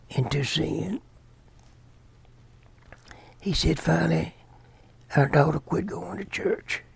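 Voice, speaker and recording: A man preaching, telling a long illustration in a dramatic way and often dropping into a hushed whisper. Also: on the high side, creaky, a little hiss or hum. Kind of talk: sermon storytelling.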